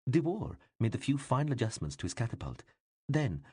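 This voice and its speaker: A man reading an audiobook with expressive, varied narration. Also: mid-range voice, a little fast, breathy edge, dry recording, clean studio sound. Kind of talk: scripted narration.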